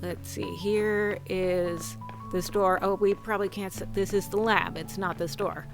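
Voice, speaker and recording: A woman's voice: medium pitch, steady tone, unhurried, music in the background. A woman streamer giving casual gameplay commentary, chatting and reading game dialogue aloud.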